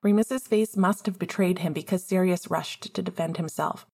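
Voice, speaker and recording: A woman reading fan fiction aloud in a calm, measured way. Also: fairly low pitch, slightly rough. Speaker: reader.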